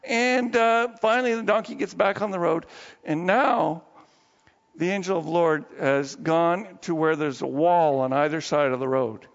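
A man preaches in a casual, folksy storytelling manner, in a rather high voice with a gravelly edge. His words ring through a long hall reverb. The recording is dull and lo-fi. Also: normal speed. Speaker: pastor. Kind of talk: sermon.

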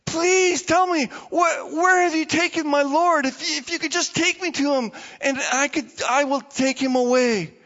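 A man voicing a distraught young woman who cries and shouts in a high, breaking voice. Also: measured pace, hardly any pauses, big-room sound, dull audio. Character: distraught young woman, weeping then overjoyed.

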